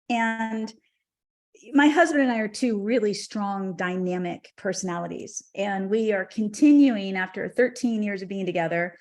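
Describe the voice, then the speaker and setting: A woman's voice: medium pitch, darkish tone. A middle-aged woman, a podcast guest, telling a heartfelt spiritual story in conversation.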